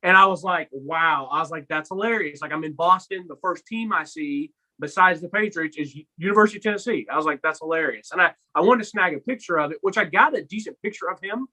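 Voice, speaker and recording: A young man co-hosting a casual sports podcast, telling stories in an animated way and acting out his own lines. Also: on the high side, fast talker, hardly any pauses, low-quality recording. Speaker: podcast co-host.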